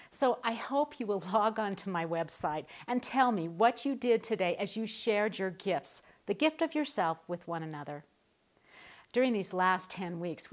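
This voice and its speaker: A middle-aged woman teaching a recorded Bible study lesson to a women's group, warm and encouraging in a conversational way. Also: mid-range voice.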